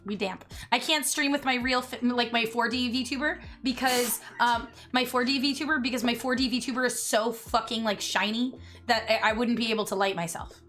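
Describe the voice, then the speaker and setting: A woman's voice: fairly high pitch, steady tone, brisk, fairly bright tone. A woman hosting a stream, chatting and telling a long story with lots of laughing and swearing. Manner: giggly, swears freely, rambling. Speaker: streamer host. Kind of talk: casual storytelling chat. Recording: faint music behind.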